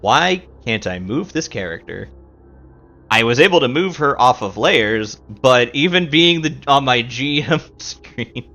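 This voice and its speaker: A man's voice: mid-range voice, animated, measured pace, pushed and bright. Rambling male game master. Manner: rambling, many fillers. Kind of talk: narrating a tabletop game. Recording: dull lo-fi sound with faint music.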